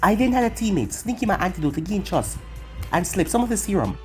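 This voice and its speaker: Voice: medium pitch, quick pace, faint music behind, close to an everyday voice. Emotionless boy ninja, as a narrator puts him on. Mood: deadpan. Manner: flat and literal. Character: emotionless young male ninja.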